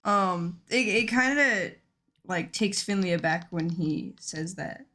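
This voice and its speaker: A woman's voice: on the low side, expressive, slow, bright, forceful tone. Blunt, casual woman playing a tabletop game. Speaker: player.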